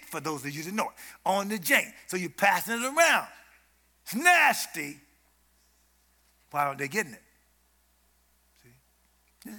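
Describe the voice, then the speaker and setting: A man's voice: high-pitched, sharp tone. A man preaching an informal sermon as a guest preacher, in an emphatic, conversational way.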